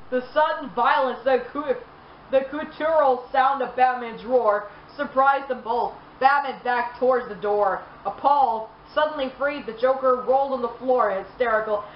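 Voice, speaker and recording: A woman streamer reading game lore aloud in an animated way, laughing and exclaiming between passages. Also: sits high, normal speed, roomy sound, dull audio, slight background noise. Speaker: gaming streamer.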